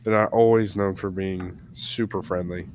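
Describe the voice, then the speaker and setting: A man's voice: low-pitched, fairly even intonation, moderate pace, a little mellow, a little hiss or hum. A man co-hosting a live hobby gaming show, chatting casually and restarting his sentences. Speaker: podcast co-host. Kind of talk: casual live-stream chat.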